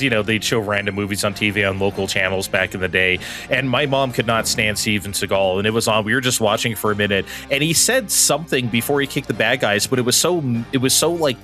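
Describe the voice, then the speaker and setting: A man's voice: mid-range voice, sharp tone. A man in his forties co-hosting a podcast in casual chat, telling stories and laughing often. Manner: laughing storyteller. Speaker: podcast co-host.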